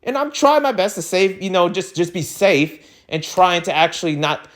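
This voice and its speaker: A young man hosting his own channel, ranting in an exasperated, animated way that swings between loud outbursts and low muttering. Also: moderate pace. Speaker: webtoon reading channel host. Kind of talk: ranting to camera.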